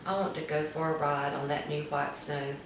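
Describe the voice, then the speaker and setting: A stubborn little girl afraid of being laughed at, from a storybook, read by a woman. She pleads in a soft, plain voice. The sound is distant, very echoey and noisy. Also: sits low, flat delivery, moderate pace, close to an everyday voice. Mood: worried. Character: reluctant little girl, worried about teasing. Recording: echoey room, distant mic, noise.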